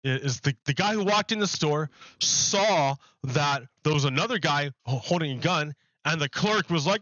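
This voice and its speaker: A man's voice: on the high side, animated, normal speed, pushed and bright, no room sound, dull audio. A man livestreaming who talks casually to his chat, repeating and restarting phrases as he builds an argument. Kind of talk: casual live-stream talk to chat.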